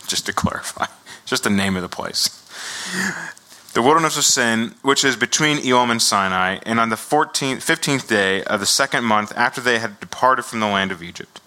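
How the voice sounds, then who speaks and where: A man's voice: lowish voice, sharp tone, clear, resonant tone. A middle-aged man giving a casual sermon, reading scripture and talking it through with many fillers and laughs. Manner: conversational, laughs often, many fillers and restarts. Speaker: preacher.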